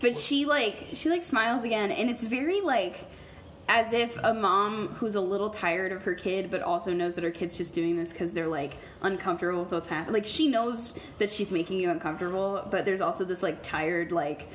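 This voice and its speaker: A woman's voice: mid-range voice, brisk. A woman narrating a tabletop game as game master, casual and chatty. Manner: casual, chatty, lots of fillers. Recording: echoey room, faint noise.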